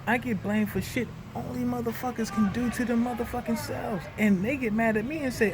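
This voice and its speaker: A young man, venting in a heated, profane rant that swings between loud outbursts and low muttering. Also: fairly even intonation, brisk, few pauses, noisy background.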